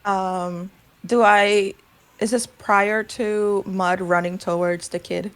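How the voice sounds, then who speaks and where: A woman's voice: medium pitch, fairly even intonation, slow pace, clear, resonant tone. A woman playing a tabletop role-playing game, talking tentatively with fillers. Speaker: player.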